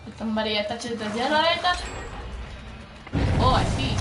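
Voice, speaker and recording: A young woman chatting casually on a live gaming stream, telling a story and breaking into excited shouts at the game. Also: high-pitched, fairly quick. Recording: roomy echo, mic at a distance, loud background noise.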